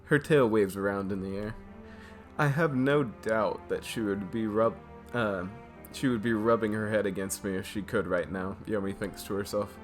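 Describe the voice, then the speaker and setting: Low-voiced man narrating a game. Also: fairly even intonation, normal speed, soft background music. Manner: casual, with small slips and restarts. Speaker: host. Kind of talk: narrating a visual novel playthrough.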